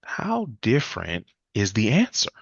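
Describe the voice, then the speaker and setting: A man teaching a live sales class, acting out lively client conversations as examples. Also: a little slow, gravelly, no echo, highs cut off. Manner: energetic, acts out client dialogue with jumps in pitch. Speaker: sales trainer.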